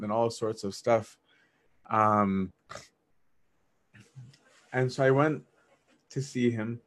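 Man, mid-range voice, casual storyteller: earnest, self-mocking, restarts sentences mid-thought. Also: mid-range voice. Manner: earnest, self-deprecating, quick asides and restarts. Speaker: speaker sharing a personal faith story.

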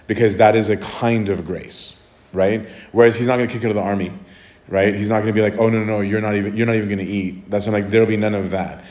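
A priest answering questions in a casual, conversational way, often checking in with "right?". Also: male voice, lowish voice, darkish tone. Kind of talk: casual Q&A talk. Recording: echoey room.

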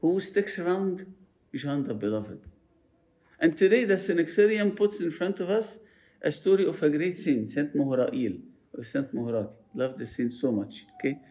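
Mellow, storytelling priest preaching a sermon. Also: male voice, a little high, normal speed. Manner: storytelling, animated, repeats words.

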